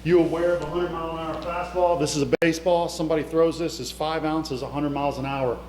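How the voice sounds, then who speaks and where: A man's voice: a little high, fairly even intonation, fast, a little mellow. Middle-aged male keynote speaker, heartfelt storyteller, talks right at the crowd; roomy hall with a faint hum. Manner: emotional, conversational, addresses the audience directly. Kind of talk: motivational storytelling speech. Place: event hall before a live audience.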